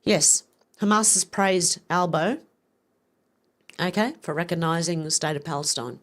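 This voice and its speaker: A woman's voice: fairly low pitch, measured pace, fairly bright tone. A woman hosting a livestream, reading posts aloud and adding blunt, profane remarks. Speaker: livestream host. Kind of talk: casual livestream news commentary.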